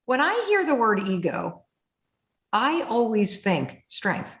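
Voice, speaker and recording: Animated woman host in a roomy room. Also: mid-range voice, slow. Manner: animated storyteller who acts out inner voices, blunt and swears freely. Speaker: podcast host. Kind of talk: candid conversational interview.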